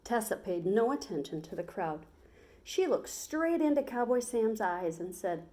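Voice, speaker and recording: A woman teacher reading a children's picture book aloud in a lively, expressive storytelling manner. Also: medium pitch, measured pace.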